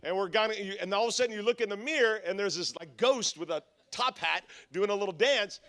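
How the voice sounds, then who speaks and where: Quick, bright and forceful, a high-voiced guest pastor from Southern California delivers a conference sermon. The middle-aged man jokes at his own expense through funny stories, frequently restarting and slipping in asides.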